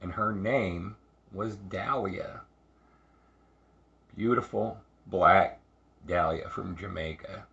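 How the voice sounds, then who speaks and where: A man telling a personal story in a halting, reflective way, repeating words and restarting often. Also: low voice, gravelly, a bit bright, dull audio. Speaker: speaker sharing recovery story.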